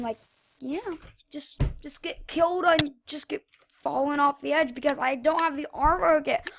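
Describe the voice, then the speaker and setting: A woman giving chatty, rambling live gameplay commentary as a gaming channel host, breaking into excited yells. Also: high voice, vocal fry. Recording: loud noise and mouse clicks.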